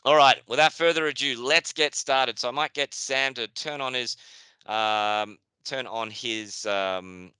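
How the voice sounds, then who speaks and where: A man's voice: mid-range voice, steady tone, measured pace, pushed and bright, smooth, no room sound. A man with a New Zealand accent hosting a business webinar in a chatty, casual way, with fillers and restarts. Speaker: webinar host. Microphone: video call.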